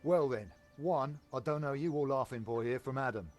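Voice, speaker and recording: A man's voice: mid-range voice, normal speed, soft background music, close to an everyday voice. An actor voicing a surly, hostile male gatekeeper, mocking and threatening as he guards a mansion. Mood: sneering. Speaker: henchman guarding a rich man's house.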